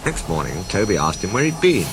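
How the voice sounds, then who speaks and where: A man narrating a children's story in a lively, expressive way. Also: low voice, a little fast, background noise.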